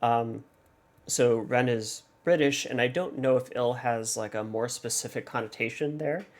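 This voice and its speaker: Gravelly man musing hesitantly. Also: mid-range voice, normal speed. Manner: hesitant, thinking aloud, many fillers. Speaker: reaction video host. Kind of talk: casual music analysis.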